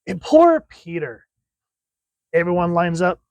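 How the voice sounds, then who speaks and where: A man's voice: fairly high pitch, lively intonation, normal speed, no room sound. A man giving a casual, enthusiastic comic book review in a chatty way.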